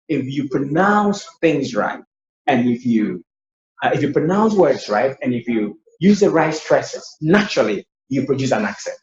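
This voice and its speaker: A man's voice: mid-range voice, darkish tone. A man tutoring English pronunciation in an online lesson. He explains patiently and often repeats his words. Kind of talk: online lesson with screen sharing. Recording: roomy, dull lo-fi sound.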